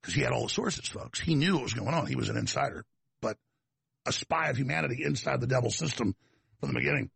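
A man's voice: medium pitch, expressive, fast, vocal fry, a bit bright, breathy edge, no room sound. A man with a Texas accent delivering a combative, emphatic talk-show monologue to his audience.

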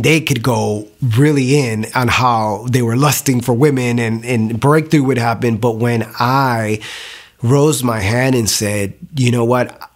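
Young guy telling his faith story, kinda low voice, loose casual storytelling, acts out what people said. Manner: animated storytelling with many "like" fillers, acting out quotes. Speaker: guest sharing testimony. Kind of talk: personal testimony, casual storytelling.

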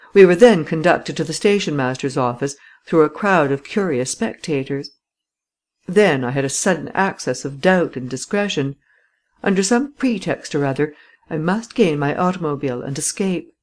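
A woman narrating a classic story in the first person, with an expressive delivery. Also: low-pitched, moderate pace. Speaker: audiobook narrator.

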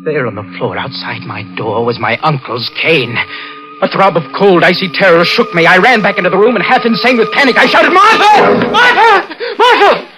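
A man playing a guilt-ridden young man who murdered his uncle, in stammering 1940s radio drama style, swinging from hushed to shouting. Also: medium pitch, normal speed, few pauses, close to an everyday voice, poor audio. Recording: old radio broadcast with music.

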